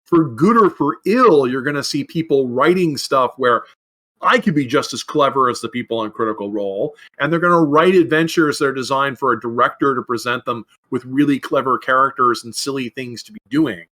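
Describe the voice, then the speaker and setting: A man's voice: mid-range voice, brisk, bright, forceful tone. A man co-hosting a podcast about game design, talking casually in long rambling runs with frequent restarts and fillers. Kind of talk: casual discussion.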